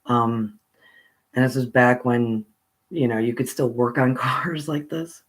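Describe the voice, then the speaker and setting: A man rambles through a casual story about growing up, pausing and beginning again along the way. His voice rises in pitch at the exciting parts.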